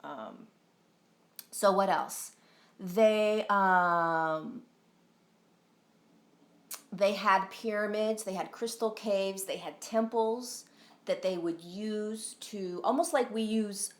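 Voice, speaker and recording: A woman's voice: mid-range voice, slow, long pauses, echoey room. A woman talking casually on a live stream as a spiritual teacher, earnest and rambling, with frequent ums and tag questions. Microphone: phone.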